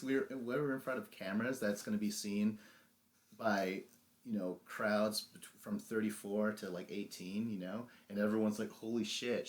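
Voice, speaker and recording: A young man co-hosting a podcast, animatedly retelling a reality show episode, acting out the lines and laughing often. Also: on the low side. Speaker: podcast co-host. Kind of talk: casual recap chat.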